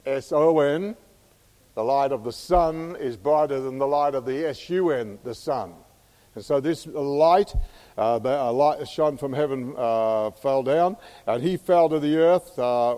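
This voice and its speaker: A male preacher with a fairly high, mellow voice delivers a sermon in an unhurried, folksy way, full of filler sounds. He asks the congregation questions as he goes. His voice carries a long reverb, as in a church hall.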